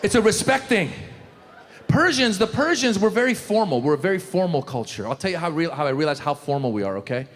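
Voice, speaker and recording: Animated stand-up comedian, raised pitch. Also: male voice. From Iran. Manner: animated, acts out characters with quick repeated greetings. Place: comedy club stage with live audience. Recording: live crowd laughter and ambient noise.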